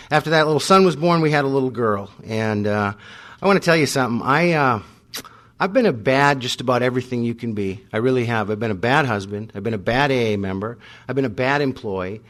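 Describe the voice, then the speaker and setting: Bright-voiced self-mocking man telling his story. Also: mid-range voice. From North Dakota. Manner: self-mocking, comic timing, acts out both sides of arguments. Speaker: AA speaker. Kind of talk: storytelling talk to a live audience.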